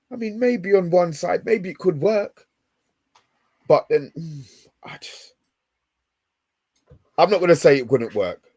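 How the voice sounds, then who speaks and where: A man's voice: a little high, darkish tone. Guy on a football podcast, keeps restarting his sentences, casual slang. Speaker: podcast co-host.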